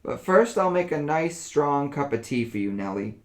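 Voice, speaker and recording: A man voicing an anxious, bossy older woman who talks fast and fretfully. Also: a little high, big pitch swings. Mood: worried.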